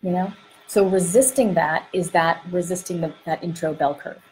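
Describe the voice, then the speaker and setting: A woman coaching on dating and emotions in an animated monologue. She often acts out inner voices and uses many fillers. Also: on the low side, moderate pace, a little hiss or hum, poor audio. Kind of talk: podcast-style teaching monologue. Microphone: close microphone she bumps while gesturing.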